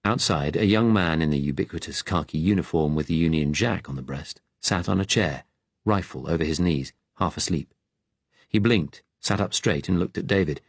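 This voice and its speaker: Deep, husky male audiobook narrator. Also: normal speed, dry recording. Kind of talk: scripted narration.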